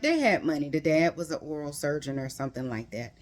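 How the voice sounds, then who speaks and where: Brief: woman, 30s, low-pitched, casual book recap, heated emphatic delivery. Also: moderate pace, few pauses, a little mellow. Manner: emphatic, heated storytelling that rises in pitch when worked up; conversational, addresses viewers directly. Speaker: book reviewer.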